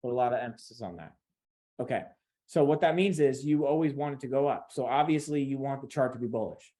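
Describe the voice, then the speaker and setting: A man walks viewers through a trading lesson over a screen share. His voice sits at a medium pitch, and he talks in a loose, conversational way, repeating himself as he goes. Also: fast talker, warm tone. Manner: conversational and repetitive, addresses viewers directly. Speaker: trading instructor.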